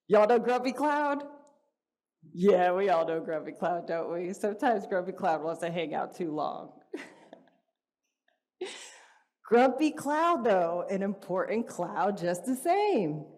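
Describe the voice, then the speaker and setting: A woman's voice: medium pitch, slow pace. A woman giving an inspirational talk at a church gathering, telling a personal story in a conversational way and often asking the audience questions. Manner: animated and playful, acts out a dialogue with her child. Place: stage in a church hall before an audience.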